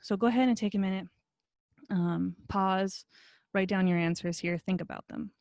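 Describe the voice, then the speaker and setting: A woman instructor talks through a recorded video lesson from her computer. Her delivery is friendly and encouraging, with plenty of relaxed fillers. The sound is close and dry. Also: medium pitch, moderate pace, no room sound. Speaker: college instructor.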